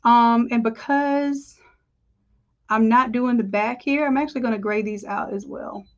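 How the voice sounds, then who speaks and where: A woman's voice: on the high side, fairly even intonation, unhurried, muffled recording. A woman teaching design on a live screen-share tutorial, talking in a chatty, upbeat way and calling her viewers y'all. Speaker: design instructor.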